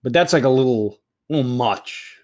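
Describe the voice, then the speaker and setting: A man hosting a show, casually talking himself through a game, swinging between loud outbursts and quiet muttering. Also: mid-range voice, expressive, normal speed. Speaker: podcast host. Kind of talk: casual live commentary while playing a game.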